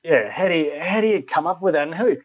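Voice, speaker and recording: A man's voice: a little high, animated, fast, no room sound, lo-fi sound. A man guesting on a podcast as a zookeeper. He talks in a crude, rambling way, trips over his words, and sounds dry and close to the mic. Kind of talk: casual podcast chat.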